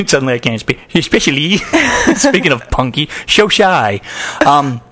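A man's voice: fairly high pitch, wildly swooping pitch, unhurried, sharp tone. A man with a trained radio voice hosting a casual, frank advice talk, joking and laughing often. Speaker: podcast host.

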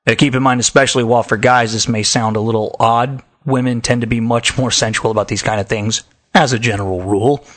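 A man's voice: medium pitch, fairly even intonation, fairly quick, fairly bright tone. Frank, joking man hosting a podcast. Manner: frank, joking, laughs often; trained radio voice. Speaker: podcast host. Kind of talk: casual advice chat.

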